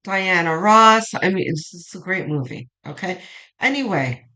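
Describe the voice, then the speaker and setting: A woman's voice: lowish voice, lively intonation, measured pace, pushed and bright, poor audio. Fired-up, chatty woman tarot reader. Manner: emphatic, fired-up encouragement; chatty and informal, swears for emphasis. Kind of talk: tarot reading vlog.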